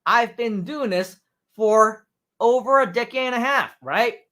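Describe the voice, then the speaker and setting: A man teaching public speaking on a livestream, energetic and animated, who keeps checking in with "right?". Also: very high voice, unhurried. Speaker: speaking coach. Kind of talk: livestream training talk.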